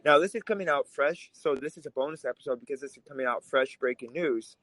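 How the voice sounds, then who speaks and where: A man's voice: mid-range voice, quick pace, fairly bright tone, poor audio. A man who grew up in Russia, co-hosting a political podcast, talking in a heated, emphatic way. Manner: fired up, emphatic, swears when angry. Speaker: podcast co-host.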